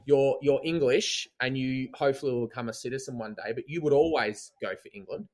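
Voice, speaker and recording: A man's voice: medium pitch, brisk, a little mellow. A man with an Australian accent, co-hosting a casual sports podcast and arguing his view emphatically, often checking with "right?". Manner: emphatic, argumentative, leans on "right?". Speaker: podcast co-host.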